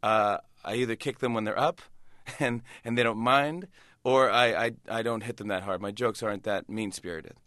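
A comedian and talk show host, a man, telling animated stories as a guest in a radio interview. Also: lowish voice, no echo, studio quality. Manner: animated, quick storyteller with restarts and laughs. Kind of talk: casual storytelling interview.

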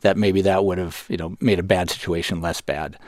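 A man's voice: deep voice, fairly even intonation, a little fast, no echo, studio quality. A man, a newspaper reporter, explaining events in a radio interview and often correcting himself mid-sentence. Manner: explanatory, with frequent self-corrections.

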